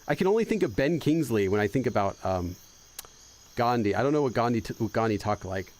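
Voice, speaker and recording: Animated man chatting over a game. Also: medium pitch, a little fast. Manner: translates game dialogue aloud, laughing, trailing off mid-thought. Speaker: gaming channel host. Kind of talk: casual let's-play commentary.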